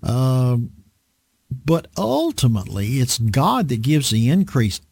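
Slow-talking, animated male preacher. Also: medium pitch, husky, no echo, clean studio sound. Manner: halting with fillers and restarts, earnest. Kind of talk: unhurried sermon-style talk on a program.

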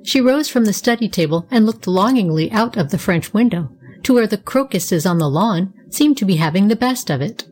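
A woman reading a children's story aloud as a volunteer audiobook narrator, steady and clear. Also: medium pitch, moderate pace.

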